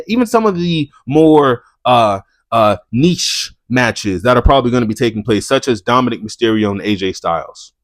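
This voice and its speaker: A male wrestling reviewer talking off the cuff in a plain, mid-pitched voice. He rambles, swears a lot and stumbles over his words when he gets worked up. The sound is close and dry, with no room around it. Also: lively intonation, moderate pace, few pauses, no echo. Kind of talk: casual profane commentary.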